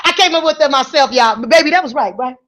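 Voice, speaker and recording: A woman hosting a radio show, giving energetic, playful motivational talk to her listeners. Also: sits high, fast. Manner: energetic, playful, preachy and encouraging.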